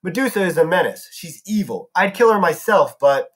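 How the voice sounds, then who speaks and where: A man's voice: high voice, expressive, moderate pace. A man voicing a clever teenage girl who talks in an urgent, brainy way.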